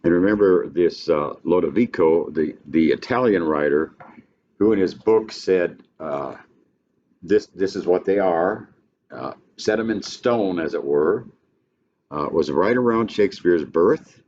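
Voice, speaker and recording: An older man lecturing a class on a play in a folksy, halting way, with frequent restarts. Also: sits low, lively intonation, darkish tone. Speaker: literature teacher. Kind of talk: classroom lecture with read-aloud passages. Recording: dull lo-fi classroom recording with faint noise.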